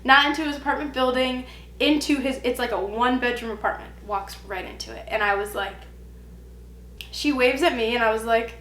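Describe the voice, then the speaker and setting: A young woman in her twenties telling a personal story in a vlog, acting out the quoted lines with animated delivery. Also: fairly high pitch, a little fast. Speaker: vlogger. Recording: echoey room with faint hum.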